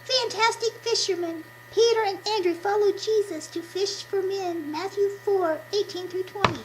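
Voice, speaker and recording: A woman voicing a sweet, eager little girl puppet who reads slowly and carefully in a children's puppet show. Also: extremely high pitch, voice pushed up, low-quality recording. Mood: reading carefully. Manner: slow, careful storybook reading. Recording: steady background noise.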